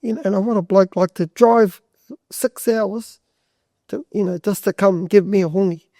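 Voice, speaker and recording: Speaking at a moderate pace in a high-pitched voice with a dark tone, this podcast guest, a butcher who also does charity walks, rambles casually through his stories. He swears plenty and often starts sentences over, captured in clean studio sound without any room sound.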